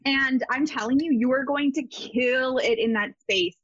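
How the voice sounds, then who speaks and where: A woman's voice: sits high, moderate pace, no room sound. Emphatic psychic woman on a lo-fi call. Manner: emphatic, repeats phrases, many fillers. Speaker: psychic medium guest. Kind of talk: casual psychic reading.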